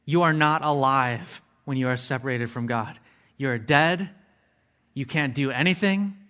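A man's voice: medium pitch, a little slow, pushed and bright. A man preaching a sermon, earnestly explaining word meanings step by step and adding casual asides to his listeners.

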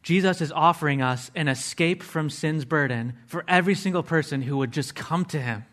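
A man with a somewhat higher-than-usual voice preaches a sermon. He talks earnestly and walks through the meanings of words one at a time. He drops casual asides to his listeners as he goes. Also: moderate pace, fairly bright tone. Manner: earnest, explains word meanings step by step.

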